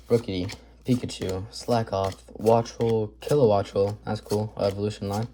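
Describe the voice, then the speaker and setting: Chill mellow guy opening card packs, upbeat and chatty, listing off names, little bit of hiss in the back. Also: lowish voice, flat delivery, moderate pace. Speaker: card collector video host. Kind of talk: casual pack-opening commentary.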